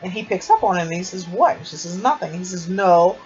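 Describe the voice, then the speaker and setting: A woman's voice: on the low side, fairly even intonation, very fast, a little mellow. A woman giving a casual, gushing fan recap of a TV drama episode. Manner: chatty, gushing fan retelling of scenes. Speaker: TV episode reviewer. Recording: dull lo-fi sound with faint noise.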